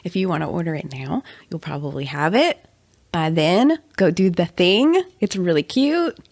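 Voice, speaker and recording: A woman co-hosting a podcast in casual chat, her voice raspy and hoarse from a cold, chatty and upbeat. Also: on the low side, expressive, moderate pace, a little mellow, no room sound, clean studio sound. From North Carolina. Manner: chatty and upbeat, laughs often. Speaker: podcast co-host; mother. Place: closet.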